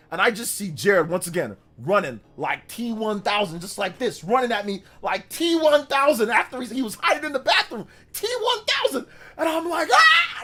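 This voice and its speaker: A man in his thirties hosts a livestream and tells a story in casual talk. His pitch swings widely as he acts out the moments. Faint music plays under his voice. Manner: animated, with exaggerated voices for quoted people. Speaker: livestream host.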